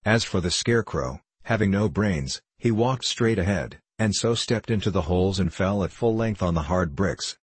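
Male audiobook reader, deep and husky, dry close-miked sound. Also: animated, moderate pace, few pauses, no room sound. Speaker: audiobook narrator. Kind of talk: scripted storybook narration.

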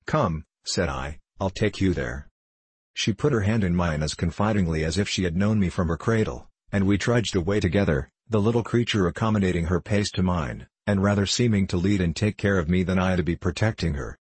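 A man narrating a classic novel in a measured, unhurried storytelling manner. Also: deep voice, darkish tone, husky, no room sound.

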